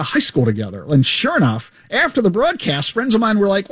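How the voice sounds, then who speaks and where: A man hosts a radio show with a bright, high voice that leaps up and down as he tells his stories. The studio sound is dry and close, and he jokes his way through each anecdote. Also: a little fast, few pauses, husky, no room sound. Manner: animated, joking storyteller. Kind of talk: radio show retrospective monologue. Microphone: studio microphone.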